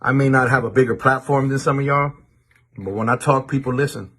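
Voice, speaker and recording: Husky-voiced man issuing a stern warning. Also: medium pitch, fairly bright tone. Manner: deliberate warning tone, repeats words as he restarts. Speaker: commentator addressing viewers. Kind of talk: direct-to-camera monologue.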